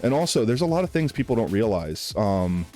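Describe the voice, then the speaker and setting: Low-voiced man with a slight Southern accent. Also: big pitch swings, a little fast, darkish tone, soft background music. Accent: Southern US tinged. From New York. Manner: rambling, filler-heavy, chatty. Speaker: streamer. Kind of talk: casual chat while gaming.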